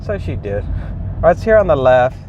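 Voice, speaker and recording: A man's voice: medium pitch, very animated, normal speed, phone-quality sound. A man vlogging from inside his car while driving deliveries, rambling and exasperated, often restarting his sentences. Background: faint car and road noise.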